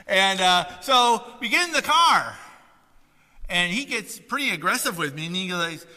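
A male pastor with a high, bright voice that swings widely in pitch as he preaches. He tells stories with animation and plays out the other voices himself. His words ring with the long reverb of a church hall. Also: measured pace. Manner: animated storytelling, acts out quoted voices. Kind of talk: sermon with personal story.

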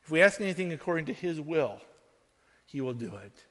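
A pastor delivers his sermon in an earnest, conversational way, his voice sitting high for a man. He keeps checking in with the congregation with quick asides. The sound rings with the long reverb of a large hall. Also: sing-song, fairly bright tone. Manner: earnest, conversational preaching with frequent "right?" asides.

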